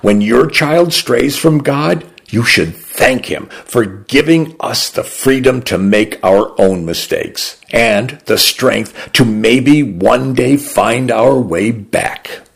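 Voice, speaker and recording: A man reading a literary short story aloud for a radio program, slow, deliberate and expressive. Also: mid-range voice, gravelly, slightly rough.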